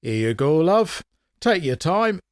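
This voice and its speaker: A man's voice: fairly high pitch, very animated, measured pace, no room sound, clean studio sound. A man voicing a greedy, cowardly fairground showman with a wheedling, oily manner. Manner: wheedling, oily, turns whiny.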